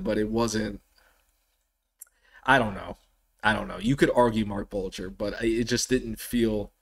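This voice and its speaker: Man, podcast host, casual solo talk, slow unhurried pace, rambling, animated bursts. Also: fairly low pitch. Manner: rambling, restarts often, animated bursts of excitement.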